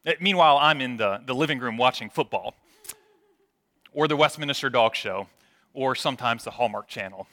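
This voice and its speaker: A man's voice: medium pitch, lively intonation, normal speed, pushed and bright. A man preaching a sermon, telling stories with self-deprecating humor before turning to prayer. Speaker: pastor.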